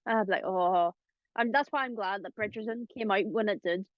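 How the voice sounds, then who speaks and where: A woman's voice: medium pitch, quick pace, dry recording. Chatty woman host, dull dry sound. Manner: chatty, laughing, lots of fillers. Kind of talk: casual chat about voice acting.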